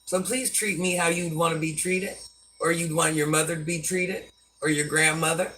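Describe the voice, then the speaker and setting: A woman around sixty with a deep voice, a live-stream host giving life advice to viewers in a folksy way, calling them baby and hun and calling herself Granny. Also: steady tone, normal speed, fairly bright tone, distant mic, slight background noise.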